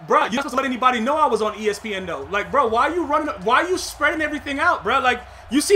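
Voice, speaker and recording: A man streaming a football video game, talking fast and loose in street slang, trash-talking and joking between plays. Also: very high voice, slight background noise. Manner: excitable slangy trash talk. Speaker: gaming streamer. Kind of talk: live gameplay commentary.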